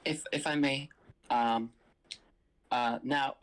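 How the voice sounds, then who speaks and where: A participant in a casual book discussion, talking earnestly with a slightly halting delivery. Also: mid-range voice, steady tone.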